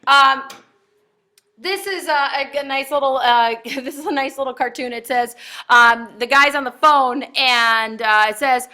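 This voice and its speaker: High bright teacher in echoey classroom. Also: female voice, fairly even intonation, a little slow, distant mic. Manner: conversational, frequent "okay?" check-ins. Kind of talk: classroom lecture.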